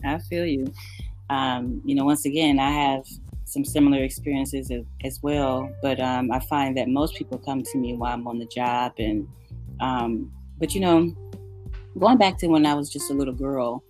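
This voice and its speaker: A woman talking in a relaxed, reflective way in a casual chat, pausing with fillers as she thinks. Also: rumbling low, faint music behind, poor audio. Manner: thoughtful, halting with fillers.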